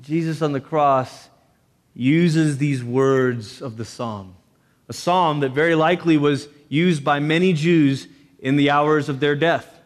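A man preaching a sermon, animated, with joking asides and voices put on for quotes. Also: on the high side, takes it slowly. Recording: long reverb.

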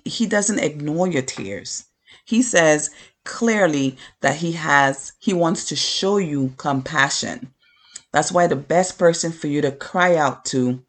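Earnest, encouraging preacher delivering a relaxed devotional talk with casual asides. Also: medium pitch. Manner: earnest, encouraging, repeats key phrases; informal asides with fillers and restarts. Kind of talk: conversational devotional sermon.

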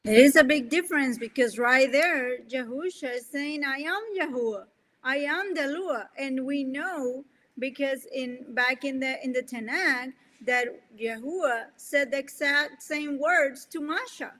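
A woman with a high, bright voice joining a scripture discussion. She answers in an earnest, emphatic way, pressing her points. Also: measured pace. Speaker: co-host, wife of the teacher.

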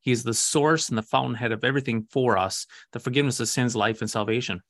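A man's voice: medium pitch, quick pace, fairly bright tone. A man, a Lutheran pastor, talking about faith in a casual conversation, earnest and emphatic, often asking rhetorical questions.

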